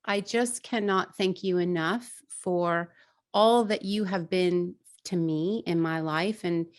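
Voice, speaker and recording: A woman's voice: fairly low pitch, takes it slowly. A woman hosting a podcast, effusive and grateful as she praises her guest and wraps up the interview. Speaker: podcast host.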